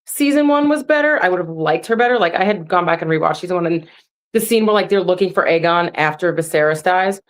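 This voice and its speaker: A woman's voice: lowish voice, expressive, quick pace. Rambling casual woman podcaster. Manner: rambling, heavy use of "like". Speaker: podcast co-host. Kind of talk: casual recap chat.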